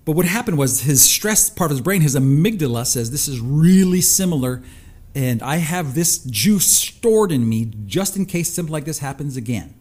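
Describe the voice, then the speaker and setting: Speaking at a normal speed in a husky, slightly high voice, a man hosting a talk show animatedly recounts a personal story and performs the voices of its characters with lively expression.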